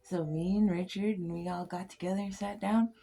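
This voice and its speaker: A woman's voice: medium pitch, steady tone, brisk, mellow, a little hiss or hum. A woman host telling stories in a casual chat. She giggles often, swears freely and drops into whispers now and then. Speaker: poet and podcast host.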